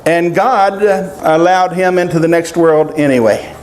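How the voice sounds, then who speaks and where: An older man preaching a sermon, telling personal stories of loss in a halting, emotional way with long pauses. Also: fairly high pitch, darkish tone, a little hiss or hum. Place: outdoor family encampment gathering.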